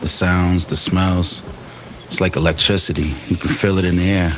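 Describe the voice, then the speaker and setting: A man voicing a brooding hardboiled detective narrator in an animated comic, with deep, flat scripted noir narration. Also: normal speed, slight background noise.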